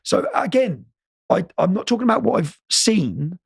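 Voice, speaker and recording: A man's voice: high-pitched, sing-song, moderate pace, creaky, slightly rough, no room sound, clean studio sound. A man, an interview guest, telling stories casually with many repeated words and "yeah?" tags.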